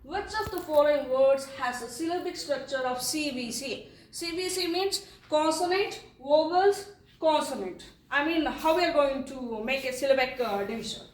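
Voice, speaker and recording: A woman with an Indian English accent, an English teacher walking through exam answers, repeating each option slowly and saying okay often. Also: high voice. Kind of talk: exam answer walkthrough lesson. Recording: echoey room, voice from a distance.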